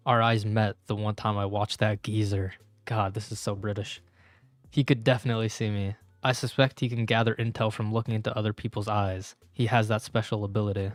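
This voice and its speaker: A man's voice: fairly low pitch, no room sound, lightly acted. A man reading as a wary young woman. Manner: plain, unhurried reading near his own voice.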